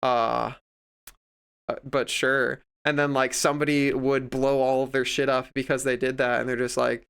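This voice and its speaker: Guy streamer ranting casually, swears a lot, smooth voice, mid pitch. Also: little pitch movement, normal speed, fairly bright tone. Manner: rambling, profane, acts out others in quoted voices.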